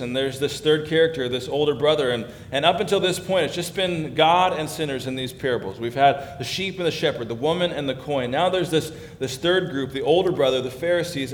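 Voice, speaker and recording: Guy pastor giving a sermon, chatty then emphatic, roomy hall sound with a faint rumble under it. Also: brisk, hardly any pauses. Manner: conversational, emphatic preaching that builds in force.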